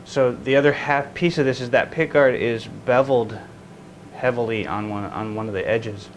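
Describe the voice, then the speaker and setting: A guitar builder hosts a casual vlog from his woodworking shop, rambling with frequent restarts and amusing himself with a made-up silly accent. His voice is medium-pitched with fairly even intonation and a moderate pace. The audio is poor, with a little hiss or hum.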